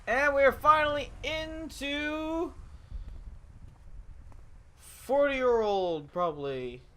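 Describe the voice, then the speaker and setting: A man's voice: very high-pitched, lively intonation, extremely slow, a bit bright. A man giving casual, jokey commentary while playing a story game, with goofy asides. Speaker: let's play gamer.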